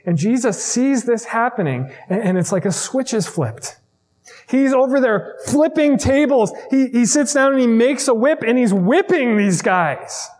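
A man preaching a sermon in a conversational way, often checking in with his listeners with quick asides. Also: extremely high pitch, animated, darkish tone. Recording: long reverb of a large hall.

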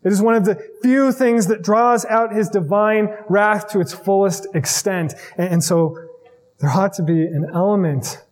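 A man preaching a sermon in a conversational way, often checking in with his listeners with quick asides. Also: sits high. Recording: long reverb of a large hall.

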